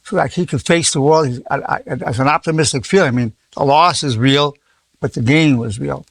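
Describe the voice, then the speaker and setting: A man in his eighties, a psychologist, delivers an informal, anecdote-rich lesson, repeating words, restarting, and acting out quoted dialogue. His mid-range voice is creaky, and he speaks a little fast.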